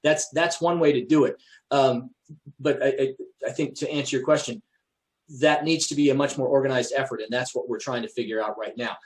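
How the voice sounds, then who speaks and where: Guy on a conference call, halting and restarting a lot, mid-pitch voice. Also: steady tone, low-quality recording. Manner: hesitant, many restarts and fillers. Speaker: presenter at an association meeting. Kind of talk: conversational Q&A on a call.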